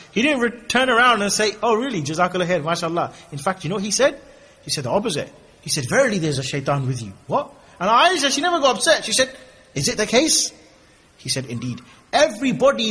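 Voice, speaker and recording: Guy preaching casually, cracks jokes, voice sits high. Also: fairly bright tone, husky. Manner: humorous, conversational, acts out asides. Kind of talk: casual Islamic lecture.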